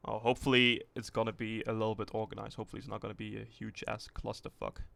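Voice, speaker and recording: Gravelly man streaming a tank game. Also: fairly low pitch, fast, dry recording. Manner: thinks aloud, rambling and relaxed, swears casually. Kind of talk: casual livestream commentary.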